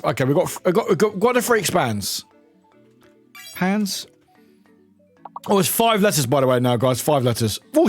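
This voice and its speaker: A man from the UK chatting casually with viewers on a live stream as he plays a word game, upbeat and quick to greet people. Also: a little high. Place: home room with a cat nearby.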